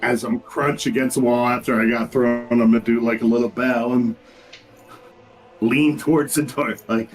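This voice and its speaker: A man's voice: medium pitch, steady tone, moderate pace, soft background music, poor audio. A man playing a tabletop game, brash and joking. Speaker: player.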